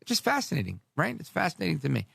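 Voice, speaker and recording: A man's voice: a little high, fast talker, creaky, slightly rough, dry recording, clean studio sound. A man hosting a talk radio show, delivering a sarcastic, rambling monologue full of asides. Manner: sarcastic, animated, drifts into asides.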